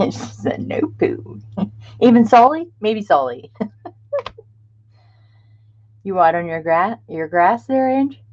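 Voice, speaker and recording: A woman's voice: medium pitch, animated, takes it slowly, pauses often, a little mellow. A middle-aged woman hosting a craft livestream, chatting casually with viewers, greeting them by name and laughing often. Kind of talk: casual live-stream chat. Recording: dull lo-fi stream audio.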